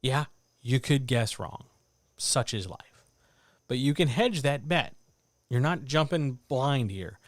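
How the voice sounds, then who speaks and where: A man coaching writers in a livestreamed talk, animated and addressing listeners directly, with muttered asides to himself. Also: mid-range voice, slow, long pauses, no echo. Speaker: writing coach. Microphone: desk microphone.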